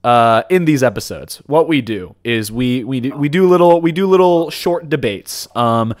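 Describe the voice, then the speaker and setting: A man's voice: medium pitch, lively intonation, moderate pace, no echo. Young male podcast host, rambling casual delivery, dry close-miked sound. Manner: rambling, restarts a lot, laughs easily. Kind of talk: casual chat.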